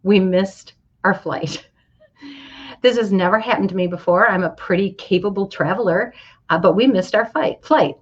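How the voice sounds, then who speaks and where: A woman's voice: medium pitch, normal speed, husky, highs cut off. A woman hosting a motivational livestream, talking straight to her viewers and greeting them by name with lots of enthusiasm. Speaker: livestream host. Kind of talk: upbeat motivational livestream talk. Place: hotel or travel location, indoors.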